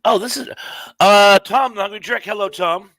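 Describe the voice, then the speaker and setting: A man's voice: sits high, moderate pace, a bit bright, dry recording, poor audio. A middle-aged man co-hosting a live podcast, reading out viewer comments and chatting about them. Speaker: podcast co-host. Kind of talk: casual live-stream chat.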